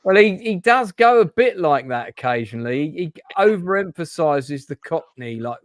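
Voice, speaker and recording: A man's voice: a little high, animated, normal speed, no echo, clean studio sound. A man hosting a casual film and TV chat, talking in a rambling, hesitant way with many restarts. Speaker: host.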